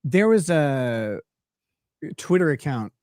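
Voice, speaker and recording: A man's voice: on the high side, sing-song, slow pace, a little mellow, dry recording, studio quality. A man hosting a podcast, telling crude joking stories in casual chat over a streaming setup. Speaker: podcast host. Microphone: streaming call setup.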